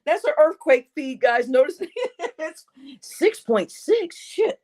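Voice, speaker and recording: Woman streamer, high voice, giggly and profane, keeps dissolving into laughter mid-sentence. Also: sing-song, takes it slowly, darkish tone. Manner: giggly, breaks into laughing fits, swears a lot. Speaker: livestream host. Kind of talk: casual livestream chat.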